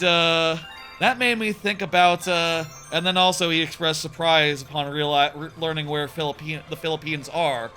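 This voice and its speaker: A man in his thirties rambles through casual stream chatter, full of ums and restarts. His voice sits fairly high and sounds bright and forceful. Faint game music plays behind him. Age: 30s. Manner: rambling, with many fillers and restarts. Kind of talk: casual live-stream chatter while gaming.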